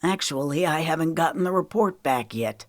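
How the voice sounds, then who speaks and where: A woman's voice: low-pitched, expressive, normal speed, dry recording, clean studio sound. A woman reading the lines of a level-headed male former Navy SEAL in an audiobook.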